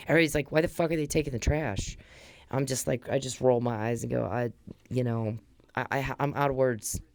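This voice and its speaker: A woman's voice: very deep voice, smooth, no echo. A woman hosting a podcast, telling a rambling, heated story at speed and swearing freely. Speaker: podcast host. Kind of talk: casual monologue.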